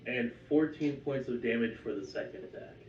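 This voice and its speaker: A man's voice: mid-range voice, moderate pace, darkish tone. A man playing a tabletop game, giving brief, matter-of-fact answers about his rolls and damage. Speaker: player. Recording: dull, distant, echoey with faint noise.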